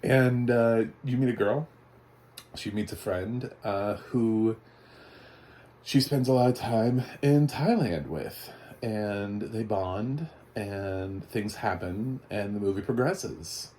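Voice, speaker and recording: Chatty man with a low voice. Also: slow pace, mellow. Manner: chatty, laughing, mock voices for quotes. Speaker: movie reviewer. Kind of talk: casual spoken review.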